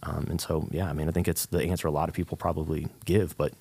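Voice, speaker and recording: A man's voice: rumbling low, level tone, fast talker, gravelly, a little mellow, husky, no room sound. A young man, a worship leader, talking earnestly in a casual interview, rambling with fillers and restarts.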